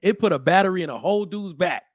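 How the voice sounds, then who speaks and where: A young man with a somewhat high voice holds forth in a talk show, emphatic and preachy, building his point like a sermon. The sound is close and dry, with no room around it. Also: fast talker, no echo. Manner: emphatic, preachy, animated storytelling with acted quotes. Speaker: podcast host. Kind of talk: casual opinionated chat.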